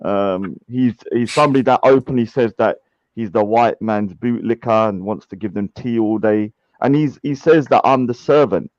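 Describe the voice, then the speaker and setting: A man's voice: fairly low pitch, moderate pace, a little mellow, dry recording. Defensive man on a video call. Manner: chatty, mock-indignant, defensive. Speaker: panelist. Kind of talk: casual online panel chat. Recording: dull, dry sound.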